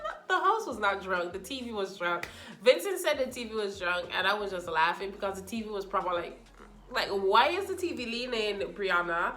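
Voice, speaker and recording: A woman's voice: mid-range voice, moderate pace, reverberant, soft background music. Sassy woman reviewing a show. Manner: animated, sassy, talks to the cast directly. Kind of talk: casual review chat.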